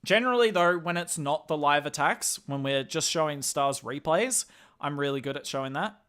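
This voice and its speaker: An Australian man talks casually on a live game stream, answering chat and musing aloud. His voice is bright and forceful and sits slightly high for a man. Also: lively intonation, moderate pace, smooth. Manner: chatty, answers chat questions, thinks aloud.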